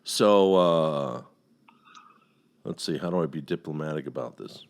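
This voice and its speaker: A middle-aged man hosting a casual podcast chat, telling a long story with heavy profanity and animated outbursts. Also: very deep voice, a little slow. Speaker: podcast host.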